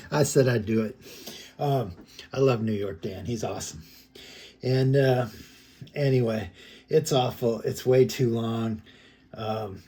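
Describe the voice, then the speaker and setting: A man's voice: medium pitch, takes it slowly, pauses often, mellow, husky. A man talking casually and rambling, chuckling as he comments on other creators' videos. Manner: rambling, chuckling, heavy on fillers. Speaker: commentary vlogger.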